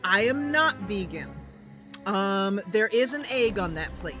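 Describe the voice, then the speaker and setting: A woman's voice: mid-range voice, expressive, a little slow. A woman streamer chatting casually with viewers during a role-play game, giggly with many fillers. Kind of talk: casual live-stream chat. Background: game music.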